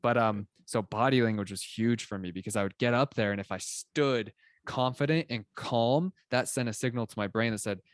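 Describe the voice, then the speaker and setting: A young adult man co-hosting a podcast, explaining ideas in an animated, casual way with plenty of filler words. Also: mid-range voice, moderate pace, no room sound, clean studio sound. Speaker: podcast co-host. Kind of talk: casual conversational chat.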